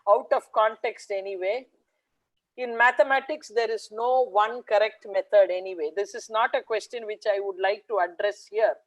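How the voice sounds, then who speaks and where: A woman, a math educator telling a lively story to teachers in a video call webinar. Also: medium pitch, a little slow, poor audio. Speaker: guest speaker, math educator.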